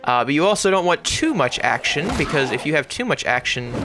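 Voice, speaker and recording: A man rambling through casual let's-play commentary as a gaming YouTuber, with sudden loud outbursts and swearing. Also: on the high side, expressive, fairly quick, over music.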